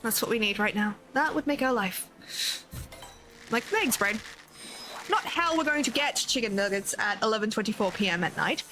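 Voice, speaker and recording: A woman's voice: fairly high pitch, lively intonation, normal speed, long pauses, pushed and bright, faint music behind. An Australian woman chatting casually to viewers on a live game stream, swearing freely and thanking viewers as she plays. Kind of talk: casual live-stream chat while gaming.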